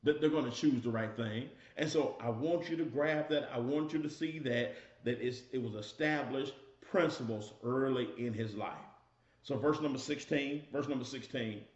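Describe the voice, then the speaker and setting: A man's voice: mid-range voice, normal speed. A man teaching a Bible study as a sermon, preaching emphatically, repeating his phrases and calling listeners y'all. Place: church room. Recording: echoey, dull lo-fi church recording.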